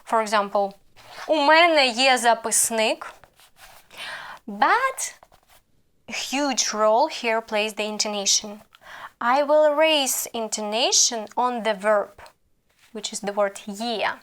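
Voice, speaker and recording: A woman with a Ukrainian accent, a native Ukrainian speaker, teaching an online language lesson with slow, careful explanations and drawn-out example phrases. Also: fairly high pitch, a bit bright.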